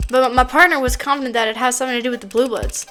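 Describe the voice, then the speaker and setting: A woman voicing a young male police officer with a southern drawl, testifying in a slow, hesitant way while reading a game aloud. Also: high voice, fairly even intonation, pushed and bright, soft background music.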